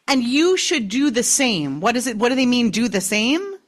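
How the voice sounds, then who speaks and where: A woman's voice: fairly high pitch, sing-song, normal speed, few pauses. A woman rabbi-cantor leading a Torah study class, talking in a conversational way and asking her group questions. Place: synagogue study room.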